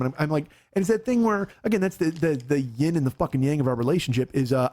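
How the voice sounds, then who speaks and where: Fast-talking, animated male comedy podcast host. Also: a little high. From Chicago. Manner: animated storytelling, acts out voices, swears freely, laughs often. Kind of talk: casual comedic chat.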